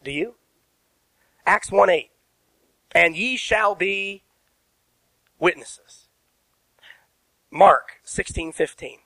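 A man's voice: high voice, slow, long pauses, bright, forceful tone, dry recording, low-quality recording. A man preaching a sermon as pastor in a church, emphatic, asking the congregation questions and spelling words out. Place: church sanctuary.

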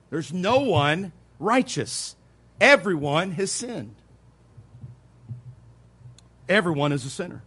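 A man preaching a teaching sermon, emphatic, slowing down to stress scripture phrases, with folksy asides. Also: on the high side, sing-song, a bit bright, breathy edge. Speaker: preacher teaching soul-winning. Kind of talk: sermon teaching with role-played witnessing.

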